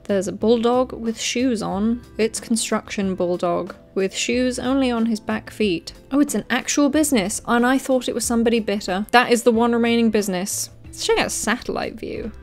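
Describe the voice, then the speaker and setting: A woman hosting a comedic commentary video. She reads facts aloud and keeps breaking off into sarcastic, excited reactions. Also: fairly high pitch, normal speed, hardly any pauses, faint music behind. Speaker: video host.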